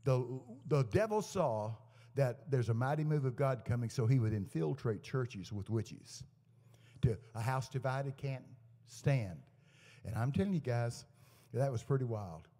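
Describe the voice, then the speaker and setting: A man's voice: medium pitch, measured pace. A man preaching a sermon to a live congregation, telling folksy stories and acting out the dialogue in them. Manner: folksy anecdotes with lively quoted dialogue. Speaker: guest preacher. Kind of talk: storytelling sermon. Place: church service to a live congregation. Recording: echoey church hall.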